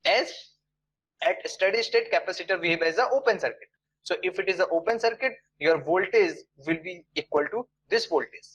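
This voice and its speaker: A man with a slightly raised voice, teaching an online engineering class. He walks through each step slowly, repeating key phrases and pausing with fillers. He keeps checking in, asking students to answer. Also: sits high, a bit bright, husky, low-quality recording. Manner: many fillers and restarts, non-native phrasing. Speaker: lecturer.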